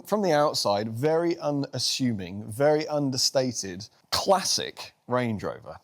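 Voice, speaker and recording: A man in the middle of his pitch range talks to camera outdoors beside a classic car. He is chatty and enthusiastic, easily drifting into a story about how the car was bought. It is a relaxed vlog walkaround. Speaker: car vlogger.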